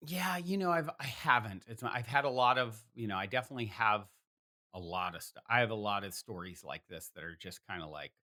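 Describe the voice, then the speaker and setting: Bright-voiced man telling a story. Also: fairly low pitch, animated, brisk. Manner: rambling, many fillers and restarts. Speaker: podcast host. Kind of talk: animated storytelling in conversation.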